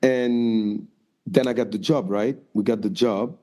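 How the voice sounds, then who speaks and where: A man's voice: lowish voice, a little slow. A man from France with a French accent, a guest dancer telling stories in a casual interview and acting out what people said. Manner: animated, acts out quotes in raised voices.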